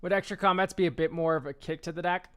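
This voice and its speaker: A man's voice: on the high side, steady tone, fast, a bit bright. A man streaming a casual card-game deck review, rambling and offhand, swearing and laughing easily.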